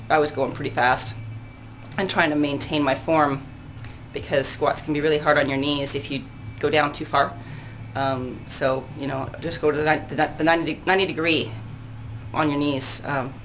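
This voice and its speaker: A woman's voice: low-pitched, a bit bright, a little hiss or hum, poor audio. Chatty woman vlogging on her balcony. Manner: chatty, rambling, laughs often. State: out of breath and sweaty after a workout. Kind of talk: casual fitness vlog. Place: outdoor balcony.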